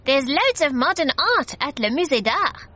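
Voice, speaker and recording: A woman's voice: sits high, lively intonation, moderate pace, pushed and bright, highs cut off, pitched above the performer's own voice. A woman voicing an eager, helpful young boy in a storybook reading.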